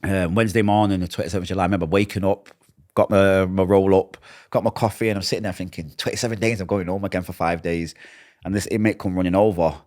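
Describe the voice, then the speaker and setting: A low-voiced man with a Mancunian accent recounts his past at a quick, tumbling pace. He is middle-aged and acts out each exchange as he tells it, shifting into the voices of the people he is quoting. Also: steady tone, a little mellow. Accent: Mancunian English. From Manchester, England. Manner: emotional, vivid retelling with acted-out dialogue. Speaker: interview guest. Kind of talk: personal storytelling in an interview.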